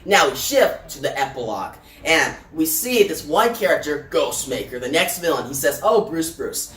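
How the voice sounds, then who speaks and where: A man's voice: a little high, big pitch swings, moderate pace, fairly bright tone. Man recapping a comic in a roomy echo. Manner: chatty, leans on fillers like "pretty much" and "right?". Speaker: comic book recap narrator. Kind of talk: casual story recap. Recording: roomy echo, distant from the mic, faint music behind.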